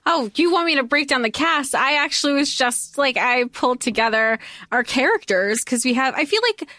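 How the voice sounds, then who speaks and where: A woman co-hosting a podcast in casual chat, bubbly and excitable, laughing often. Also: sits high, moderate pace, no echo, studio quality. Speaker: podcast co-host.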